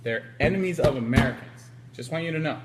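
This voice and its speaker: A man's voice: a little high, fast, heavy background noise. A man interviewing a guest on a casual live stream, telling stories and acting out what people said. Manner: animated storyteller, acts out quotes. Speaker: interviewer livestreaming. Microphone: handheld camera.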